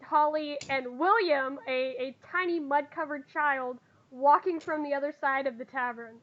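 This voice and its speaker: A woman's voice: high voice, normal speed, muffled recording. A woman running a tabletop game as game master, narrating casually with halts and restarts.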